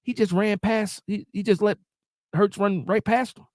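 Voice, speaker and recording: A man's voice: high-pitched, steady tone, normal speed, darkish tone, no echo, studio quality. A man hosting a live post-game reaction stream, ranting emotionally and repeating himself while following the chat. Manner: reads and answers live chat.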